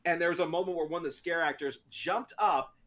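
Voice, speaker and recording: Speaking fairly quickly with a fairly high pitch, a male podcast co-host relates a story during a casual chat. He's an animated storyteller who laughs frequently.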